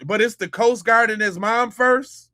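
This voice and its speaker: Ex-cop host man reacting to a clip, incredulous and slangy, high bright voice. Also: measured pace. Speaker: podcast host, former police officer. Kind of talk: reaction commentary.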